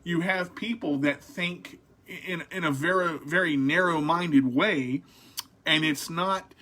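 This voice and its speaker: A man's voice: on the high side, takes it slowly, bright, forceful tone. A man hosting a casual radio interview, rambling with frequent restarts and repeated words. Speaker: radio show host.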